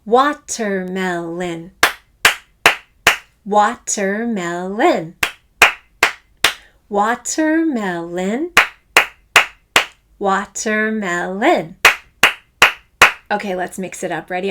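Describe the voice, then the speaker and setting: A woman's voice: lowish voice, fairly even intonation, fairly quick, creaky, very noisy. A woman teaching a children's music lesson. She sounds enthusiastic and encouraging, chants fruit names in rhythm, and draws out the syllables. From Canada. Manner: enthusiastic, encouraging, speaks straight to the learner.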